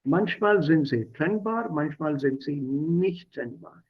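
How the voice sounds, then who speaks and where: A man leads an online German lesson, patiently explaining and repeating words for his students. His voice is slightly husky and sits a little high, moving up and down with lively emphasis. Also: slow, muffled recording. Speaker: German teacher.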